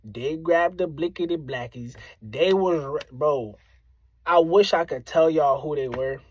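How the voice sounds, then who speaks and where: Casting: male rapper from Springfield, animated story to camera, a bit high, no room sound. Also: unhurried, breathy edge, no echo. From Springfield, Massachusetts, US. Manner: animated, addresses listeners directly, repeats phrases for emphasis. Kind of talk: casual storytelling to viewers.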